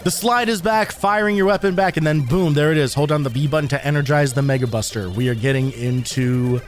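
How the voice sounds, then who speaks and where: A man's voice: on the high side, a little fast, soft background music. A young man streaming a retro game, giving casual, sarcastic commentary and laughing often as he reads the manual. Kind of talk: casual let's-play commentary.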